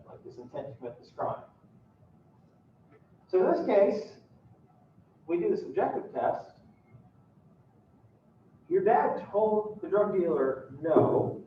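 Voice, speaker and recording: A male law lecturer telling an animated, playful hypothetical story to his students during a university lecture. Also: on the high side, a little hiss or hum. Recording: echoey classroom from a distant mic, dull.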